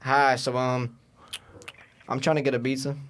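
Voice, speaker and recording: A young man, a podcast guest, chatting crudely while high and prank-calling a pizza place with giggly banter. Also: flat delivery, moderate pace, a bit bright. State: high, intoxicated. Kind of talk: casual chat, prank calling.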